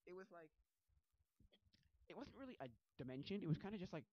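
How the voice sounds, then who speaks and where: A man rambling through a casual movie recap at his computer, full of fillers and animated asides. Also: high voice, a little fast, dry recording. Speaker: movie vlogger. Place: home desk at a computer. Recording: dull lo-fi audio, dry.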